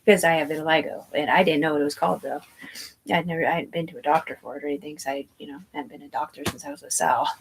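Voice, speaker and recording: A woman's voice: low voice, steady tone, racing, vocal fry, a little hiss or hum. A woman telling a long personal story in a rambling, tangential way, swearing freely and piling up fillers and asides. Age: adult.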